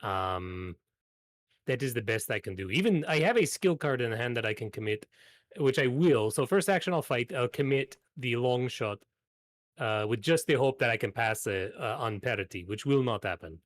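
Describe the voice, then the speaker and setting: A man's voice: mid-range voice, animated, normal speed, dry recording. A man playing a card game as a podcast guest, rambling and joking in a put-on mock foreign accent. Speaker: guest player. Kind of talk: casual tabletop game play on a podcast.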